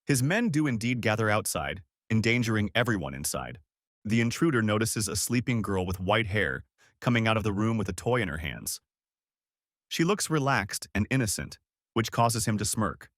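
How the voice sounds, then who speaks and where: Man, recap narrator, scripted storytelling, animated pitch, dry close mic. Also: normal speed, dry recording. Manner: steady storytelling read.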